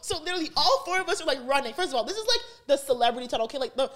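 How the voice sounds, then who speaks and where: A young adult woman, a podcast guest, telling stories in casual chat, animated and full of "like", acting out the quotes. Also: high-pitched, racing. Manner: animated, heavy use of "like", acts out quotes.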